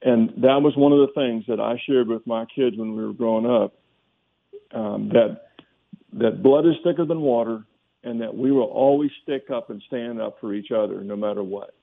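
A man's voice: mid-range voice, gravelly. Older man telling a story over a phone line. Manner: reflective, halting, many restarts and fillers. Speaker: former pro football player, guest.

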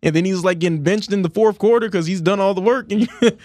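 A man's voice: high voice, fast talker, a little mellow, no room sound, studio quality. A man co-hosting a casual sports talk show, teasing his partner with joking banter.

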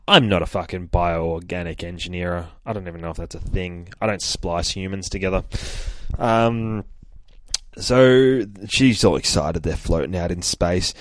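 A man's voice: sits low, measured pace, no echo. An Australian man casually recapping a comic book, rambling and swearing, with frequent laughs. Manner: rambling, profane, laughs often.

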